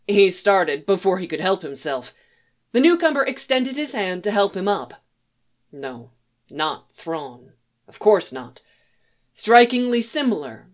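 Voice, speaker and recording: A woman reading a science fiction story aloud in a calm, even storytelling manner. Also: fairly low pitch. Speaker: audiobook reader.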